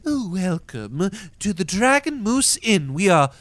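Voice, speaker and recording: A man's voice: sits high, very animated, a little slow, fairly bright tone, no room sound, voice pushed up, full character voice. A man voicing an eager, fawning male innkeeper who greets guests with effusive courtesy.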